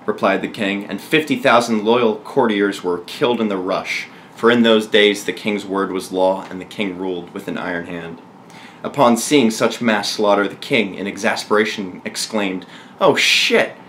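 A man's voice: lowish voice, fairly bright tone, slight background noise. A man reading a bawdy mock-biblical tale aloud, chuckling his way through the punchlines. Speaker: storyteller.

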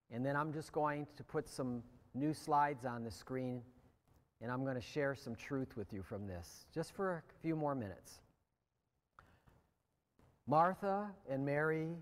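An American man preaching a sermon as pastor, slow and deliberate, letting phrase endings drop quiet. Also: medium pitch, big-room sound. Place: church sanctuary.

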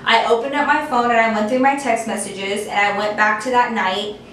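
A young woman casually telling a storytime, chatty and animated, with lots of "like" fillers. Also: on the high side, a little fast, slight background noise. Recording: echoey room, voice a bit distant from mic.

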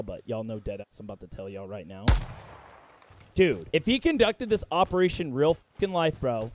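Young male gamer, fairly high, lively voice, loud swearing outbursts, faint gunfire behind. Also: noisy background. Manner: excitable, profane, bursts into yelps and shouts mid-play. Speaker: gaming content creator. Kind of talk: live gameplay commentary.

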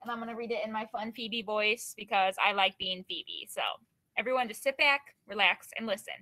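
Woman teacher, encouraging and upbeat with her class, bright and clear. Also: medium pitch, brisk. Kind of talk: classroom lesson.

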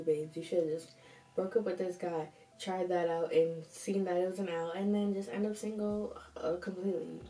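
Host, young woman: sassy, chatty storytime reader, low mellow voice, roomy echo, a bit off-mic. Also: recorded from a distance. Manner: sassy, chatty, reacts with slang asides. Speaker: host reading viewer stories. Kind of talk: casual storytime commentary.

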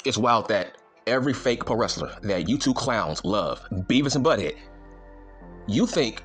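A man's voice: lowish voice, lively intonation, unhurried, a bit bright, breathy edge, soft background music. A man delivering an angry, profane, mocking rant to camera as a wrestling YouTuber. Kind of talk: angry ranting monologue.

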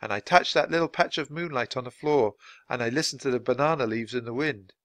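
A man's voice: mid-range voice, a little fast, a bit bright, no echo, natural voice. A man voicing a careful, nervous young boy. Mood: earnest.

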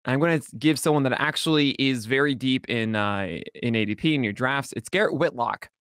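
A man's voice: mid-range voice, brisk, fairly bright tone, clean tone, no echo, clean studio sound. A man appearing as a guest on a podcast, eagerly promoting a product and analyzing players. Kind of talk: analytical chat and product plug.

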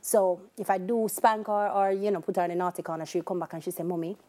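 A Jamaican woman in her thirties, a talk show guest, telling her life story with candid warmth and slipping into patois. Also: medium pitch, fairly even intonation, fast talker. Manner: shifts into patois when quoting herself, laughs easily.

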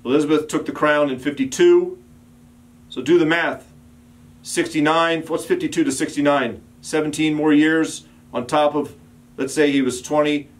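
A male pastor delivering a sermon with a slightly high voice. He builds emphatic, repeated calls and at times drops low and soft to tell a story. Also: fairly even intonation, moderate pace.

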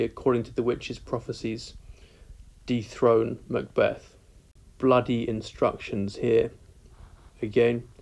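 Slow, gravelly British teacher. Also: male voice, medium pitch, darkish tone, low-quality recording. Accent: British English. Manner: measured, deliberate, stressing key words. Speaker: literature teacher. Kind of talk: recorded lesson.

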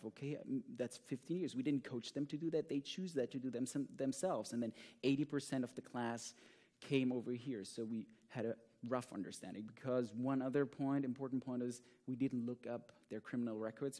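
A man's voice: medium pitch, fairly even intonation, normal speed, warm tone. A man teaching improv, explaining his prison class to a conference audience in an earnest way. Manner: earnest explaining, reads student quotes aloud. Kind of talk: conference talk.

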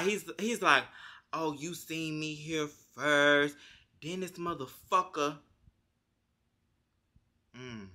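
A man ranting through a storytime vlog, swearing freely and leaning on slang. His voice sits high and sounds very bright and piercing. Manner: profane, dramatic storytelling, heavy slang. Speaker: vlogger. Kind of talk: casual storytime rant.

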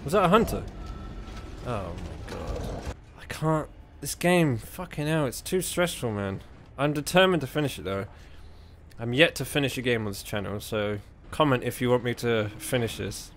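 A man giving jokey let's play commentary, breaking into loud swearing outbursts when startled. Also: medium pitch, normal speed, slight background noise. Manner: jokey self-mocking chatter. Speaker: gaming YouTuber.

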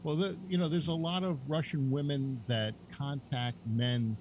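A man's voice: fairly high pitch, steady tone, moderate pace, darkish tone, slight background noise. Opinionated male panelist on lo-fi audio. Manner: opinionated, provocative. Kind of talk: casual panel chat.

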